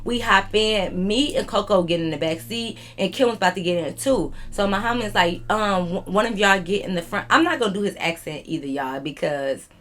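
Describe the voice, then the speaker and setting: A woman's voice: medium pitch, lively intonation, brisk, hardly any pauses, fairly bright tone. A young woman telling a storytime vlog to her viewers, chatty and rambling, full of slang, calling them y'all. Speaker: YouTube storyteller.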